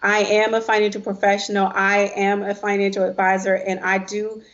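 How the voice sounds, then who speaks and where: A woman's voice: medium pitch, completely flat delivery, moderate pace, fairly bright tone. A middle-aged woman, a financial advisor and coach, telling a heartfelt personal story as an interview guest. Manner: heartfelt, earnest storytelling with quoted voices. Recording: dull lo-fi sound.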